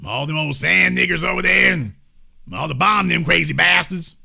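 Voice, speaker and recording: A man's voice: on the high side, moderate pace, vocal fry, bright, forceful tone, heavily acted. A man mimicking a boastful old bigot. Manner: crude bragging.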